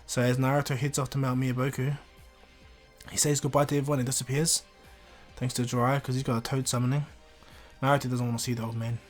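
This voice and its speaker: A man's voice: medium pitch, little pitch movement, fast, faint music behind. A man telling a fan story in a casual, rambling way, full of fillers and restarts.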